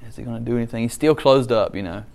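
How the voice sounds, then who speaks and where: A man's voice: medium pitch, very fast, gravelly. A middle-aged man preaching a sermon, telling stories with humor and asides. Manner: animated storytelling with humor and asides. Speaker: pastor.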